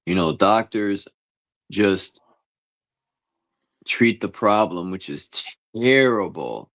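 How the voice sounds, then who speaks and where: Deep-voiced man ranting bluntly. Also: expressive, slow, a bit bright, no echo. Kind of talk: casual opinionated chat.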